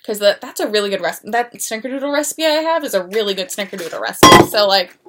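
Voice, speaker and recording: A woman's voice: mid-range voice, lively intonation, fast talker, very noisy. A young woman co-hosting a podcast, chatting casually and telling stories, voicing the people in them as she goes. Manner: chatty storyteller, acts out coworkers' lines. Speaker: podcast co-host. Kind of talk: casual chat.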